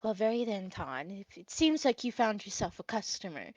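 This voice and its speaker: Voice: very animated, normal speed, no room sound, lo-fi sound. A woman voicing a silky-voiced mermaid queen. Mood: calm. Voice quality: deep, silky. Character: regal young mermaid queen.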